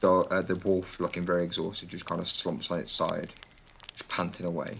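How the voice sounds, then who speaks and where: Male game master, very deep voice, rambling and descriptive narration. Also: monotone, normal speed, creaky, fairly bright tone, slight background noise, poor audio. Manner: loose, descriptive, many fillers.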